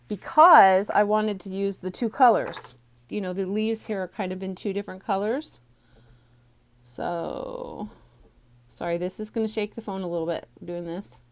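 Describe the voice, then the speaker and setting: A woman teaching a stamping card class from home, chatty and rambling with many ums, a little out of breath, recorded on a phone on a small tripod. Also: mid-range voice. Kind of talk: casual craft tutorial.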